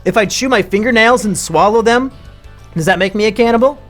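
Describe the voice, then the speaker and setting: A man live-streaming with crude, sarcastic commentary, now and then breaking into shouting rants. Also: sits high, brisk, soft background music. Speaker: streamer ranking mental illnesses.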